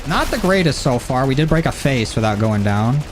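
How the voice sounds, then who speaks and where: A man with a medium-pitched, sing-song voice streams a shooter game at a brisk pace, with background noise in the mix. Talking into a desk mic through a mixer at his home gaming setup, he rambles and curses freely while thinking aloud, faint gunfire from the game behind him.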